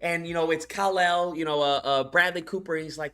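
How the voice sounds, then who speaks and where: A man with a high, bright voice gives a casual, rambling movie review rant, swearing freely and restarting his sentences. Faint music plays underneath. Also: steady tone, fairly quick, few pauses, clean tone. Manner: rambling, profane, frequent restarts. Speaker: animation YouTuber.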